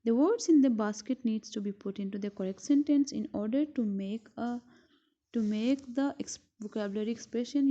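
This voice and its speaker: A woman teacher from Pakistan giving a school lesson, speaking slowly and repeating words syllable by syllable. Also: on the high side, mellow. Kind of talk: recorded classroom lesson. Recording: dull lo-fi recording.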